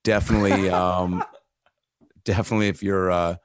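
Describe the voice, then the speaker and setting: A man's voice: sits low, level tone, normal speed, a little hiss or hum. A man guesting as a comedian on a podcast, riffing loosely in casual chat with plenty of profanity and fillers.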